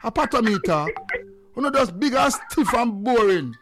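A man with a Jamaican accent hosting a call-in radio show, loud and joking, slipping into patois. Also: extremely high pitch, very animated, normal speed, soft background music.

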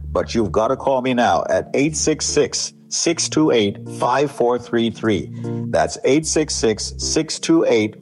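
A man hosts a radio sales segment, rushing through his offer and then drawing the phone number out slowly. His voice sits a little low. Faint music plays underneath. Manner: rapid, insistent pitch, repeats the phone number slowly. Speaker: radio show host selling a product. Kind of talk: fast on-air sales pitch.

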